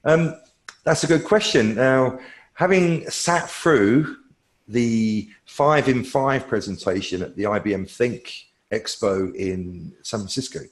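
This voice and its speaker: A man's voice: mid-range voice, slow pace. A man, a technology analyst, answering questions in a conversational way, thinking aloud with fillers and restarts. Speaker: cloud technology analyst, guest.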